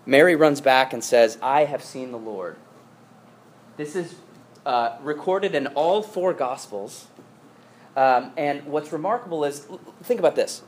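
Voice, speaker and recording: A man's voice: fairly high pitch, expressive, measured pace, slight background noise. A male pastor giving a sermon in a conversational storytelling manner, with frequent asides and restarts.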